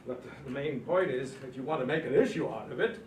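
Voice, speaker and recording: A man's voice: mid-range voice, lively intonation, quick pace, a little mellow, natural voice. A man playing a blustering stubborn old father. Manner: blustering, repeats "that's a fact". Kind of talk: amateur stage play. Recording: roomy, distant mic with faint noise.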